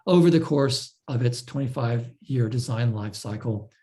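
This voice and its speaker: A man presenting a technical talk, explaining step by step in a measured way with frequent fillers and restarts. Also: medium pitch, dark tone. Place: online talk.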